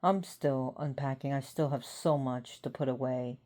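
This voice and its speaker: A tired woman talking casually about an old god, rambling and pausing to think. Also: extremely low pitch, warm tone. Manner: rambling, unhurried, pauses to think. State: tired, yawning. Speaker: host of a mythology talk. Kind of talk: casual talk to camera.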